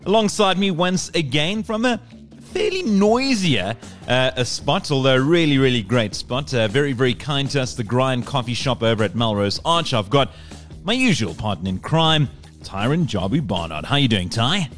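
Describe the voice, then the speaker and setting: Brief: hesitant male podcast host, mid-pitched, faint music behind. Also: lively intonation, moderate pace, a bit bright. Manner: hesitant, many "uh"s, careful questions. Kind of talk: podcast interview hosting.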